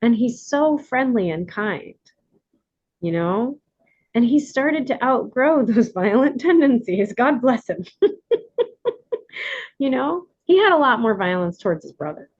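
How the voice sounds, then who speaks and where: A woman's voice: fairly high pitch, measured pace, pauses often, lo-fi sound. A woman in her forties hosting a workshop, talking casually and animatedly to the group. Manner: animated, warm coaching tone with laughs. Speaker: workshop host.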